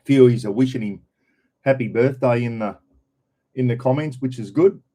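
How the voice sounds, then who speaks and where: A man's voice: mid-range voice, normal speed, mellow. Laid-back Queenslander chatting to viewers. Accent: North Queensland Australian. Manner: laid-back, rambling, broad colloquial slang. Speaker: vlogger. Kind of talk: casual chat to live viewers. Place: home, indoors.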